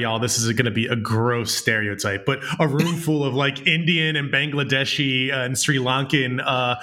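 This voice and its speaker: A man's voice: mid-range voice, sharp tone. A man with a Southern US accent hosting a casual interview, rambling with many fillers and frequent laughs. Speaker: podcast host.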